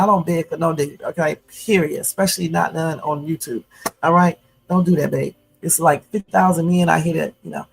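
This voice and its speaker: A woman's voice: low voice, creaky, breathy edge, low-quality recording. A woman in her fifties hosting a casual livestream from home, chatty and full of fillers, turning blunt and confrontational. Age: 50s. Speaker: YouTube livestream host.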